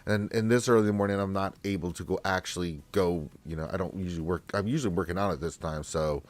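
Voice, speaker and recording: A man's voice: low voice, steady tone, fast, no room sound. Congested man hosting a casual stream. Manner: rambling, laid-back, talks to chat viewers. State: congested from allergies. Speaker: livestream Q&A host. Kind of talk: casual live-stream chat.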